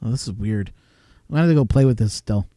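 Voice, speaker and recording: Mellow-voiced man, rambling on stream. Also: on the low side, fast, no room sound, studio quality. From Canada. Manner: rambling, chuckling storytelling with many fillers. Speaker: live streamer. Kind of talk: casual live-stream chat and storytelling. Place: home, talking on a live stream.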